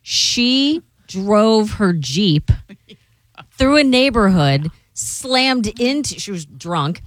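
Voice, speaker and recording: A woman's voice: mid-range voice, big pitch swings, very slow, no echo. A woman co-hosting a show, chatting casually and telling stories with amusement. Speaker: show co-host. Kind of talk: casual chat.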